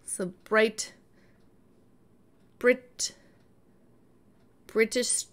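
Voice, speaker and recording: A woman streaming live, chatting loosely and playfully with her viewers. Her voice sits a little high for a woman. She drifts into sweet baby-talk whenever she speaks to her dog. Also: very slow, long pauses, a bit bright. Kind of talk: casual live-stream chat.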